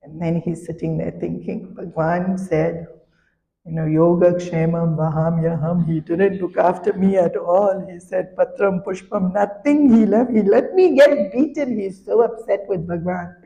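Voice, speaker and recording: A woman spiritual teacher giving a sermon, telling a story with animated, laughing delivery. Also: on the low side, unhurried, vocal fry, in a large hall, lo-fi sound.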